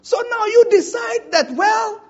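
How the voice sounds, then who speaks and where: A man's voice: high-pitched, big pitch swings, a little slow, highs cut off. A male pastor preaching a sermon, drawing call-and-response from the congregation.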